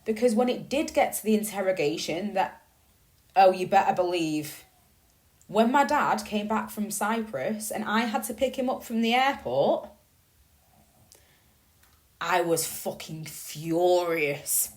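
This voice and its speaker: A woman's voice: medium pitch, lively intonation, darkish tone. A woman, likely in her thirties, telling a personal family story in a candid, swearing podcast monologue. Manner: candid and profane, swinging between slow reflection and bursts of emphasis. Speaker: podcast host.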